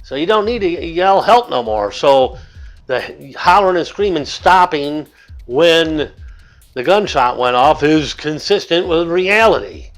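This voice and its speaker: A man's voice: fairly high pitch, lively intonation, a little slow, soft background music. An older man giving rambling, argumentative commentary in his own vlog. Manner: rambling, argumentative, acts out yelling. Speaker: vlogger. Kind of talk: opinionated commentary.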